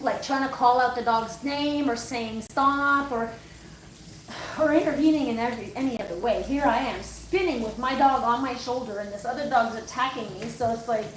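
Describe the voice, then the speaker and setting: Her high voice is picked up from a distance, off-mic in an echoey room, with slight background noise. She's a middle-aged dog groomer from Canada, livestreaming from her grooming room and telling a story in a rambling, self-correcting way.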